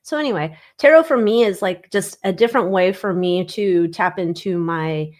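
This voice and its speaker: A woman's voice: fairly low pitch, moderate pace, darkish tone. A woman in her forties hosting a casual livestream chat as a tarot reader, rambling and sarcastic, swearing freely and often trailing off with "I don't know.". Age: 40s. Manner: trails off with frequent 'I don't know'.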